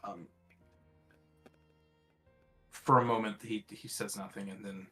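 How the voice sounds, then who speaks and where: A man's voice: on the low side, fairly even intonation, slow pace, sharp tone, faint music behind. A man narrating as game master of a tabletop game, hesitant with many fillers.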